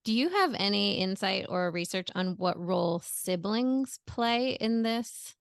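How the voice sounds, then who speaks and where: A woman's voice: mid-range voice, expressive, unhurried, vocal fry, clean tone, dry recording, clean studio sound. A woman hosting an interview podcast, upbeat and leading the talk with questions. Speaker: podcast host. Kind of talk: casual interview chat.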